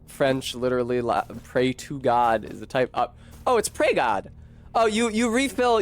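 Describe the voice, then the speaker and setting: A young man streaming a game, chatting casually, swearing and correcting himself as he rambles. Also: mid-range voice. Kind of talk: casual gameplay commentary.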